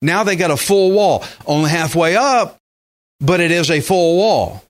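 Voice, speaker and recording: A pastor delivers a sermon in a slightly high, unhurried voice, animatedly acting out the voices of the people he quotes.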